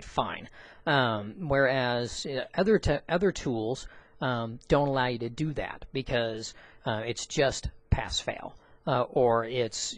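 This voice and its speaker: A man's voice: medium pitch, dry recording. A man who teaches orientation and mobility explains an assessment tool in a loose, rambling way, with many fillers and restarts. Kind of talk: screen-recorded software walkthrough.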